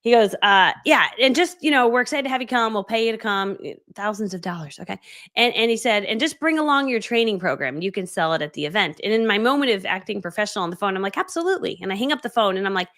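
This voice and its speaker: A woman speaks quickly and brightly on a livestream, recounting her journey with lively, acted-out dialogue. Her pitch sits in the middle of the range. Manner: animated, acts out quoted dialogue. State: watery eyes. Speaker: online business coach. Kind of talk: casual livestream storytelling.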